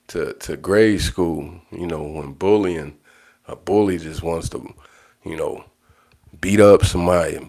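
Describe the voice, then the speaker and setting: A man's voice: low-pitched, dark tone. A man hosting his own livestream, talking in a blunt, profane monologue that repeats phrases for emphasis. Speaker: livestream host.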